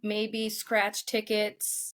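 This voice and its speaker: A middle-aged woman chatting as a podcast co-host, blunt and quick to laugh. She swears casually and talks in an ordinary mid-range voice. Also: mid-range voice, completely flat delivery. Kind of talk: casual chat.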